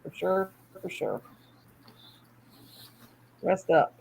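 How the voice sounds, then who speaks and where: A woman's voice: on the low side, lively intonation, very slow, creaky, darkish tone, a little hiss or hum, low-quality recording. An older woman hosting a casual livestream at home, chatty and folksy, reading comments aloud and laughing often. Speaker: livestream host.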